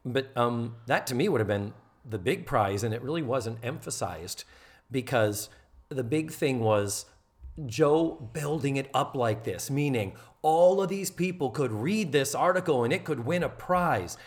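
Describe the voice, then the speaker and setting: A man hosting a podcast, recapping a TV episode in a chatty, expressive way. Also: mid-range voice, a little slow. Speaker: podcast host. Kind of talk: casual chat recapping a TV episode.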